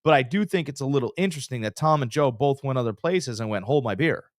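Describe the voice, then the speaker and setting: Speaking fast in a medium-pitched voice, this podcast co-host tells casual sports stories with plenty of energy, acting out the quotes as he goes. The recording is studio quality with no echo.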